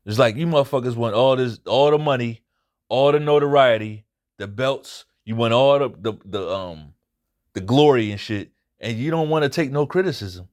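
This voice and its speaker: A man's voice: medium pitch, moderate pace, a little mellow. A man hosting his own boxing commentary channel, giving a casual fight recap. He talks bluntly and swears often, and he repeats his points for emphasis.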